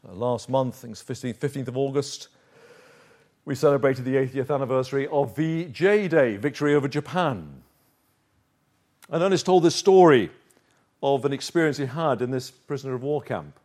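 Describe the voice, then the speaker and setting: A man preaching a sermon, earnest and emphatic, slowing down to stress key phrases. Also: medium pitch, darkish tone.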